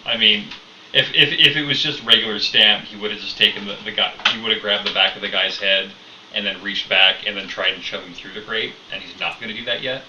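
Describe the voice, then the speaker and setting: A man's voice: fairly low pitch, steady tone, brisk, noisy background. A man playing a tabletop game, stating his character's actions step by step. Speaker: player. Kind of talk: tabletop role-play. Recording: roomy, distant, lo-fi.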